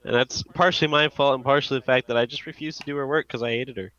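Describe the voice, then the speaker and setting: A young man joining a casual chat among friends, sarcastic and quick to laugh along. His voice is bright and smooth. The mic sounds dull and lo-fi, close and dry. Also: medium pitch, fairly even intonation, no echo.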